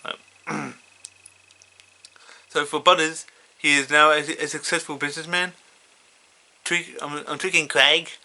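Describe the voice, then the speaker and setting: A man's voice: a little high, level tone, a little slow, creaky, pauses often, sharp tone. A man casually retelling his own fan story, stammering with many restarts. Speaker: fanfiction reader.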